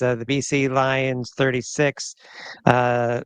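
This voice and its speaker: A man's voice: medium pitch, level tone, slow, fairly bright tone, clean tone, no echo. A middle-aged man hosting a casual sports podcast, rambling and joking, often laughing. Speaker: podcast host.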